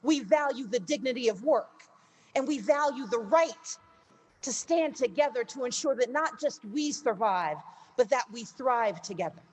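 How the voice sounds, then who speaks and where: A woman's voice: fairly high pitch, lively intonation, normal speed. A woman giving a rousing political speech to a labor union gathering, telling a parable story and building to emphatic, repeated lines.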